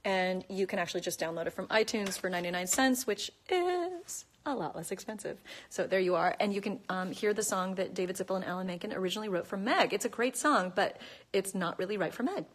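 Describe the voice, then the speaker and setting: A woman's voice: medium pitch, expressive, a little fast. A woman chatting casually into her phone, reading out and answering fan questions in a bubbly way. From United States. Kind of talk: casual chat.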